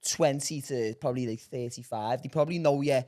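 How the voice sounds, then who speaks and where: A man's voice: mid-range voice, fairly quick, mellow. A man from the Liverpool area hosting a casual podcast, rambling and stammering through his questions. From Liverpool area, England. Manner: rambling, stammers and restarts, laughs often. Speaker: podcast host.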